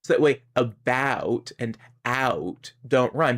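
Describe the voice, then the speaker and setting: Slow-talking Canadian man streamer. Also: mid-range voice, lively intonation, fairly bright tone. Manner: rambling, musing aloud about pronunciation. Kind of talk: casual gaming stream chat.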